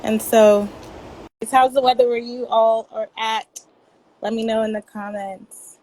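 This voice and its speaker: A bubbly woman with a high, bright voice hosts a live online book signing. She chats casually and laughs easily, heard through a video call. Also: little pitch movement, measured pace, a little hiss or hum, poor audio. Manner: bubbly, chatty, laughs often. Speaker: bookstore host. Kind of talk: casual live-stream interview. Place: home setup in California.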